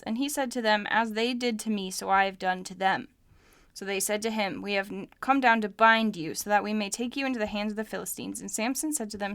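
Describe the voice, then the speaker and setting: A woman's voice: mid-range voice, a bit bright, no echo, clean studio sound. A young woman hosting a podcast, reading scripture aloud and breaking off with wry, joking asides. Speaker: podcast host. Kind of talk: casual Bible study podcast, reading and commenting.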